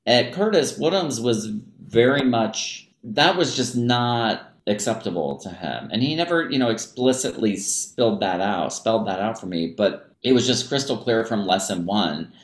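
A man with a fairly low voice speaks about his teaching in a relaxed interview. He talks in an easygoing, chatty way, filling his sentences with "like" and "you know." The recording carries a noticeable room echo. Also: normal speed, few pauses. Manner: casual and chatty, many "like" and "you know" fillers. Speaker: music teacher.

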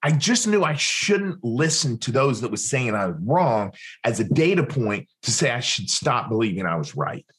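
A podcast guest, a man, tells a long story in an animated way. He acts out other people's lines in different voices and often restarts his sentences. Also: mid-range voice, moderate pace. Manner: rambling, with frequent restarts.

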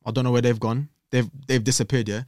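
A young man telling stories on a podcast, lively and animated, slipping into the voices of people in his stories. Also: medium pitch, fast talker, no room sound, studio quality. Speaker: podcast guest. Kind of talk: casual storytelling chat. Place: podcast studio.

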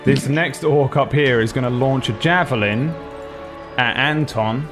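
A young man runs a tabletop game, narrating the action in a loose, rambling way. He leans on fillers and laughs often, and his voice sits in a middle pitch with faint music underneath. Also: a little slow. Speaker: game master.

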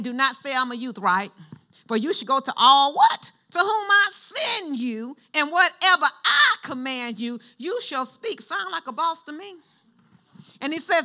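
A woman's voice: on the high side, sharp tone. A woman pastor preaching a sermon in church, using call-and-response and having the congregation finish her lines.

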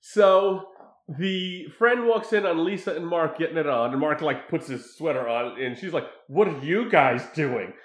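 Crude, animated man recapping a film. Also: on the high side, normal speed, reverberant. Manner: crude, animated storytelling with mimicked lines. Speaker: podcast co-host recapping a film. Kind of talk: casual chat.

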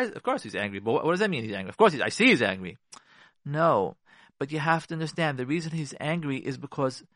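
Bright-voiced woman radio advice host. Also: deep voice, no room sound, clean studio sound. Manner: emphatic, repetitive, lecturing directly to listeners. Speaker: radio show host giving marriage advice.

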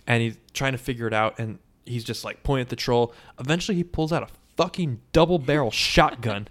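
A man in casual podcast chat, recapping a movie with lots of swearing and quick quoted voices. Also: medium pitch. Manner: profane, animated storytelling with quick quoted voices.

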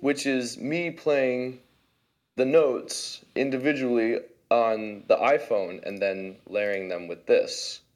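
A man's voice: mid-range voice, fairly even intonation, slow pace. A man, a musician and producer, casually walking through how he built his song, chatty and loose with lots of fillers. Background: faint playback of his own track.

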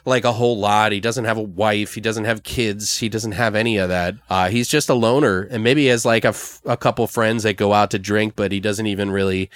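A man's voice: lowish voice, steady tone, brisk, hardly any pauses. A man casually brainstorming a story on a podcast, rambling with lots of fillers and swearing. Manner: rambling, profane, full of fillers. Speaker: podcast co-host.

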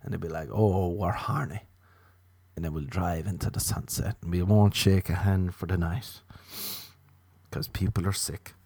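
A man doing a rambling, crude comic monologue, self-mocking, often jumping into high mocking voices to quote people. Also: fairly even intonation, moderate pace, mellow, breathy edge, no echo. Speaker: comedian.

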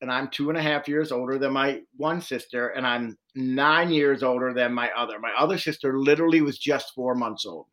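A man's voice: medium pitch, fairly quick, few pauses. A man telling a long personal story in an interview, earnestly acting out the voices of people he met. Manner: earnest, animated retelling with quoted dialogue. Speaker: social worker and domestic violence trainer.

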